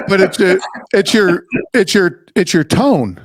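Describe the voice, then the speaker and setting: Animated swearing dad storyteller. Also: male voice, high voice, unhurried, crowd noise. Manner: animated storyteller, swears freely, laughs often. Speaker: podcast host. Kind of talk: casual chat.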